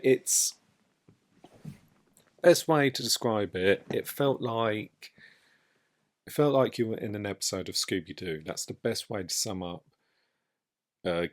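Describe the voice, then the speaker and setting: A man hosting a casual solo podcast, talking in an enthusiastic, reflective and loosely rambling way. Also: low voice. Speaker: podcast host.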